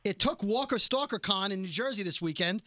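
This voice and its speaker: A man hosts a casual podcast interview with a fan's enthusiasm. His voice sits high and his words come quickly. The sound is close and dry. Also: lively intonation, bright, forceful tone, no room sound, soft background music. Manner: chatty, enthusiastic fan. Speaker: podcast host.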